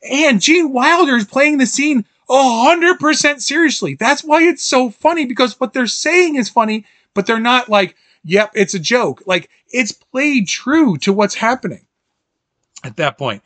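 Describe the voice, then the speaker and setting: Brief: animated man hosting a chatty film recap, high bright voice, dry close sound. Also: unhurried, no echo. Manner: animated, quotes scenes in jumpy high voices, laughs often. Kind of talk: casual film recap chat.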